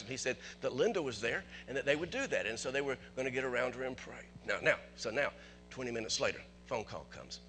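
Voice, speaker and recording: A man pastor telling a personal story in a sermon in church, chatty at first and rising to excited preaching. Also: medium pitch, fast talker, faint music behind. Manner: conversational, builds to excited preaching.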